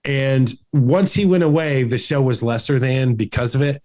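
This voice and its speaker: A man's voice: mid-range voice, moderate pace, dark tone. A man co-hosting a casual movie podcast, talking in long rambling runs full of restarts and fillers. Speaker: podcast co-host. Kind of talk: casual chat.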